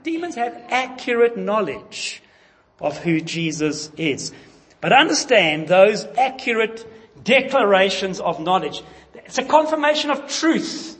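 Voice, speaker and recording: A man's voice: high voice, a bit bright. A man preaching a sermon, emphatic and putting questions to his congregation. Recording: long reverb of a large hall.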